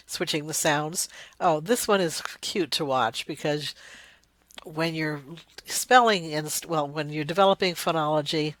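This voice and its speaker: A woman lecturer explaining spelling development, sounding out words slowly to demonstrate. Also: deep voice, dry recording. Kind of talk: recorded lecture.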